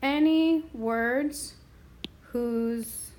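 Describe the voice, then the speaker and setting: A woman with a slightly high voice walks through a lesson step by step. She is patient and sounds words out slowly, repeating them so they can be heard clearly. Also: darkish tone. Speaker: Spanish teacher. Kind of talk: classroom explanation.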